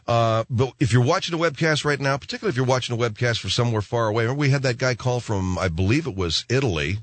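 Animated man hosting late-night radio. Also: mid-range voice, brisk, no echo. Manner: animated storytelling, acts out voices, rambling asides. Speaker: radio show host. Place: radio studio. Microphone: studio microphone.

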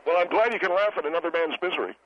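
A man's voice: fairly high pitch, rapid-fire, lightly acted. A man voicing a self-pitying, touchy wedding photographer calling in, defensive and stammering. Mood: indignant. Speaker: caller guest. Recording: muffled lo-fi phone line.

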